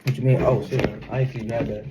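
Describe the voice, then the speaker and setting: A young man telling a casual storytime in an animated, slangy way, laughing often. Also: medium pitch, fast talker, noisy background. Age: young adult. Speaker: vlogger.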